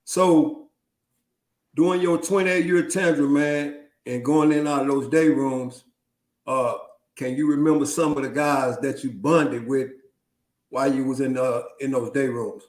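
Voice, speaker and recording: A man's voice: mid-range voice, steady tone, unhurried, a little mellow. A man hosting an interview, asking questions and ending his points with "right?". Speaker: host. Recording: roomy echo.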